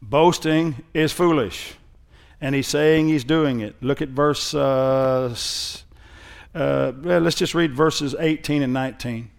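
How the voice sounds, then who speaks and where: A man preaching a sermon in a conversational way that builds into loud, emphatic preaching, often using a sarcastic tone. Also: medium pitch, gravelly. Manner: reads scripture in a slow, mocking sarcastic tone. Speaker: pastor.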